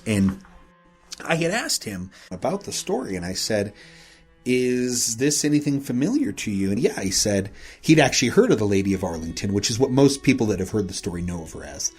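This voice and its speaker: A man with a fairly low voice recounts an eerie local tale in a loose, conversational way. He rambles and keeps circling back with "he said" and "you know" as he pieces the story together. Soft music sits faintly underneath. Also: husky. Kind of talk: casual spoken storytelling.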